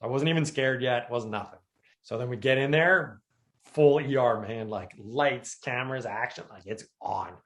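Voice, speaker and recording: A man telling a personal story in casual chat, animated and acting out the people he quotes. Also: medium pitch, moderate pace. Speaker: storyteller recounting his crash.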